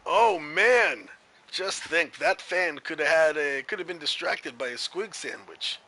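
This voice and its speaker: A man doing play-by-play commentary on an online match, excitable and rambling, often laughing. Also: a little high, moderate pace, rough recording. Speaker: play-by-play announcer.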